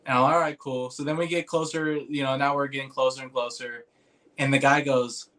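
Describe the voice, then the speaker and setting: Speaking briskly at medium pitch, this young man hosts a podcast and spins a long, rambling story in casual conversation. He animatedly performs the quoted voices of others, with lots of restarts.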